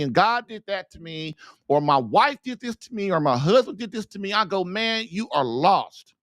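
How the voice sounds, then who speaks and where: A man's voice: sits high, a bit bright, dry recording, studio quality. A man hosting a podcast, delivering an impassioned religious monologue full of rhetorical questions and repeated phrases. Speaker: podcast host and marriage coach.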